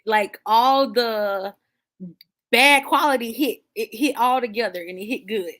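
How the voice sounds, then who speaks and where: With a medium-pitched voice and measured pace, a book channel host talks casually to her audience, responding to comments playfully and animatedly, using slang and laughing a lot.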